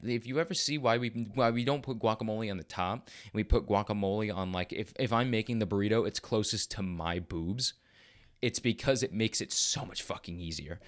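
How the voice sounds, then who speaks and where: A young man from Arizona telling a rambling, profane story in casual podcast talk, acting out the people he quotes. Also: on the low side. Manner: profane, rambling, animated quoting of others.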